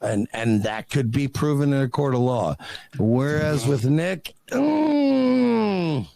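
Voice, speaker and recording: A man's voice: medium pitch, measured pace, mellow. A man telling crude, boastful stories and laughing at his own jokes during a livestream panel chat. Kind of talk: brash livestream banter.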